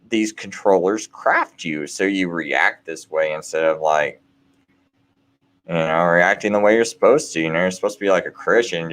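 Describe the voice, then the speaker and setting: A man's voice: low-pitched, fairly bright tone. A man hosting a late-night show, talking in a casual, rambling monologue full of restarts and "you know"s, with an earnest, preachy bent.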